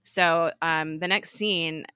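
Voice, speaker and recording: A woman's voice: deep voice, steady tone, takes it slowly, bright, forceful tone, clean tone, dry recording. A woman casually recapping a TV episode in a chatty, emotional way, full of fillers like "like" and "um".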